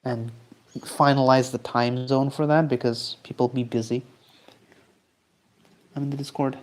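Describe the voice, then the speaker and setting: A man's voice: medium pitch, fairly even intonation, measured pace. A man streaming live, chatting casually and rambling as he answers his chat while he draws. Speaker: streamer and artist.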